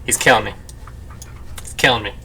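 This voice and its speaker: With dogs barking nearby, a man rambles through casual let's play commentary at his parents' home, his speech full of "like." His voice is on the low side, a little fast, and pushed and bright, with slight background noise.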